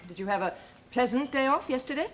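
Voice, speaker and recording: A woman's voice: high voice, animated, fast, a little hiss or hum. A commanding aristocratic lady. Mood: stern. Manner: commanding, formal, then gently consoling. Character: firm, kindly aristocratic lady of the house. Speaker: mistress of the household. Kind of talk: period television drama.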